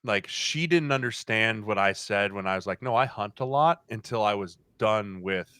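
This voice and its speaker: A man in his thirties tells stories on a podcast. He acts out what other people said, and his voice sits fairly low but comes across bright and forceful. The sound is dry and close. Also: moderate pace, smooth, dry recording. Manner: animated storyteller, acts out quotes. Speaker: podcast guest. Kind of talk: casual chat.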